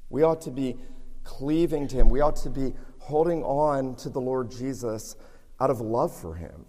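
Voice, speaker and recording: A man's voice: medium pitch, normal speed, warm tone. Preaching man in a reverberant hall. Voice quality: scratchy voice. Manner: earnest, building to emphatic peaks. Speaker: pastor. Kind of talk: sermon. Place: church sanctuary.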